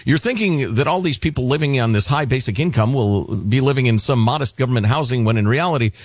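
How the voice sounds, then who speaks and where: A middle-aged man hosting a radio talk show, reading listener emails aloud with quick, wry asides. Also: mid-range voice, dry recording.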